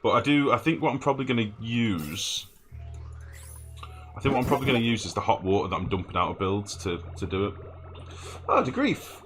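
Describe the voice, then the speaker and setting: A man's voice: lowish voice, fast, over music. A man chatting casually and swearing freely while he streams a game and answers chat. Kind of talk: casual gameplay commentary.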